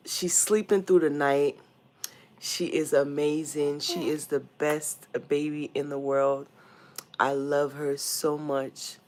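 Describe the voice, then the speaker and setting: Speaking in a deep voice, a young Nigerian woman hosts a relaxed livestream from home. She has a Nigerian accent and welcomes her viewers by name.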